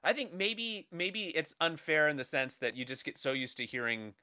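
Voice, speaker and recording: A man's voice: on the high side, normal speed, sharp tone, clean tone, no room sound, studio quality. A man in his thirties co-hosting a casual movie podcast, rambling and playful. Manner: rambling, restarts, playful impressions. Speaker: podcast co-host.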